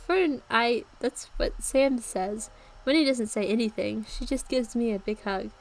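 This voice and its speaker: A woman's voice: a little high, measured pace, poor audio. Young woman laughing at her old novel. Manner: self-mocking, laughs at her own writing. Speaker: streamer.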